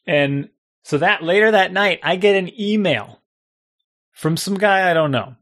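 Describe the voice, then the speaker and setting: An animated man co-hosting a casual podcast, telling a story at an easy pace. He acts out quoted lines with sudden high jumps in his voice. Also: unhurried. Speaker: podcast co-host.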